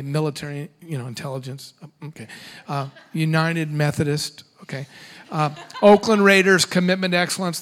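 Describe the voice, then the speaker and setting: A middle-aged man giving a humorous seminar talk to parents, animated and quick with joking asides. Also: fairly high pitch.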